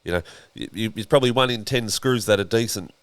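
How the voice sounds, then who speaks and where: Deep, smooth-voiced Australian man. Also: fast talker, dry recording. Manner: laid-back, relaxed, agreeable interjections. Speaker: podcast host. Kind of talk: casual interview.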